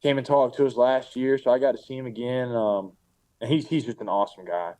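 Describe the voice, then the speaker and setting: Mellow-voiced teenage guy, relaxed stories. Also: medium pitch, fairly quick. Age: teens. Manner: relaxed storyteller, many fillers and restarts. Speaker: guest, pro baseball player. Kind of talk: casual interview chat.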